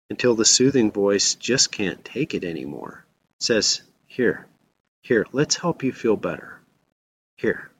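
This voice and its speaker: A man's voice: medium pitch, a bit bright, a little hiss or hum. A man preaching a reflective sermon as a pastor.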